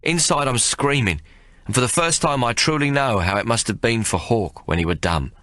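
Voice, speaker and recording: A man narrating an audiobook in the first person, in a rough working-class storyteller's dialect. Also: lowish voice, sing-song, a little fast, fairly bright tone, no echo, clean studio sound.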